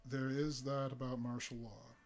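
A man's voice: mid-range voice, level tone, normal speed, soft background music, lightly acted. A man voicing a lean, arrogant military dictator who speaks with sardonic amusement, in a live story reading.

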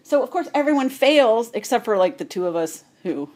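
A woman's voice: on the high side, big pitch swings, brisk, a little mellow. A woman telling a casual anecdote as a guest, chatty, with laughing asides. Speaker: guest storyteller.

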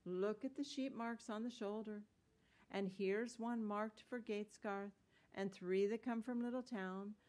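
A woman's voice: mid-range voice, fairly even intonation, unhurried, darkish tone, voice pushed up, close to an everyday voice. A woman voicing a fussy little female hedgehog washerwoman in a storybook reading, with bobbing, deferential, old-fashioned country speech. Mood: eager, polite.

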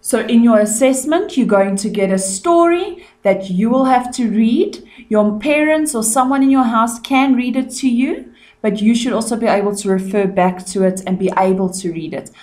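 A South African woman teaching young children, pronouncing words clearly and repeating them in a revision lesson. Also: a little high, normal speed, a little mellow.

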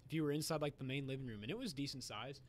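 A young man guesting on a podcast, telling stories in an animated, swearing casual chat. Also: mid-range voice, rapid-fire, slight background noise.

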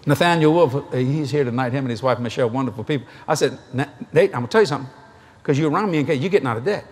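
Male preacher, middle-aged, fast-talking and lively, slightly husky, folksy storyteller at a convention pulpit. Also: medium pitch. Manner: folksy storytelling, acts out dialogue, laughs often. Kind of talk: sermon. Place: large convention hall, live audience.

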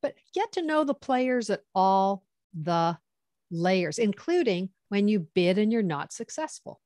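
A middle-aged woman consultant telling stories in conversation, animated and acting out quoted dialogue. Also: medium pitch, unhurried, dry recording, clean studio sound. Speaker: government contracting consultant. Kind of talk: conversational storytelling.

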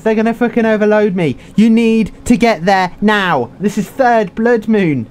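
A young man giving frantic, excitable game commentary full of swearing, with quiet game music behind him. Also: high voice, moderate pace, hardly any pauses. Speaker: gaming video creator. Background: faint game music.

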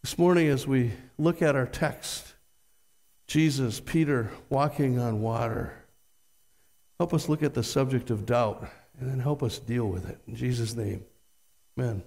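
A man's voice: medium pitch, a little slow, gravelly, a little mellow, in a large hall. A male pastor preaching a sermon. He reads scripture aloud with dramatic emphasis and puts rhetorical questions to his congregation. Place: church sanctuary.

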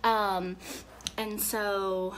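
A woman from Tennessee with a Southern accent, chatting casually on a live phone video, answering viewer comments and dropping to soft murmurs while she works. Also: mid-range voice, level tone, extremely slow, a little hiss or hum. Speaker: live-stream hair demonstrator.

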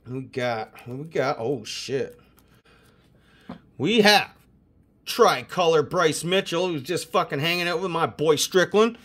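A young man hosting a casual card-opening video, excitable and swearing constantly as he hypes each card. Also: on the high side, slow pace, pauses often. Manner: profane, excitable, hyped. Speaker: host opening sports cards.

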